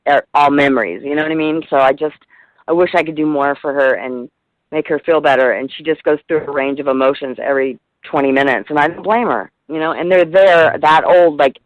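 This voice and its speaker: A woman's voice: low voice, fairly quick, dry recording, lo-fi sound. A middle-aged woman guest in a casual radio interview, talking in a rambling, heartfelt way with plenty of swearing.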